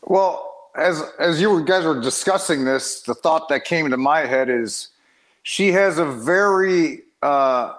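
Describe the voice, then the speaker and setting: A man's voice: on the high side, takes it slowly. Matter-of-fact man with a Chicago accent. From South Side of Chicago, USA. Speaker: podcast host. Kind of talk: casual chat.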